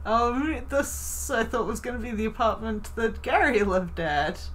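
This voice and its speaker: A woman's voice: on the high side, unhurried, a little hiss or hum. A woman chatting and joking casually alongside a game stream. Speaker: co-player. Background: faint game music.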